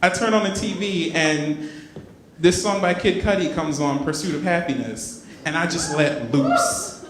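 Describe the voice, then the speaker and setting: A young man from the Caribbean tells a stand-up story, his voice sitting high as it jumps from loud bursts to quiet asides. He is on a comedy club stage with a handheld mic. The room echoes and a crowd laughs along. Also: normal speed. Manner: animated, swings between loud bursts and low asides. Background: laughing audience.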